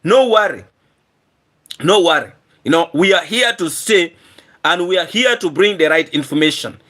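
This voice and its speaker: A hoarse man chatting on his live stream, his raised voice sharp and bright despite the rough throat. He keeps clearing his throat and thanks viewers over and over in an earnest, repetitive way. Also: on the high side, lively intonation, moderate pace.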